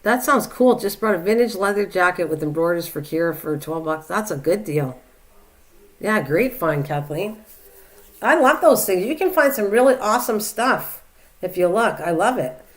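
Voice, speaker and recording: A woman's voice: on the low side, animated, moderate pace. An older woman hosting a live stream in a casual, rambling way, reading out viewer comments and chatting back to them. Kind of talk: casual chat.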